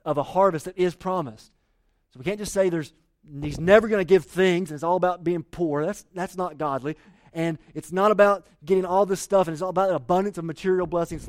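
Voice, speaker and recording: A man, preaching a sermon in a conversational way and getting the congregation to read along. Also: on the high side. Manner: conversational preaching with audience call-and-response. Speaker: pastor.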